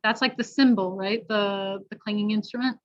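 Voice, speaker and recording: A woman teaching a pronunciation workshop, modeling each sound slowly and deliberately. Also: mid-range voice, steady tone. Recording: dull lo-fi audio.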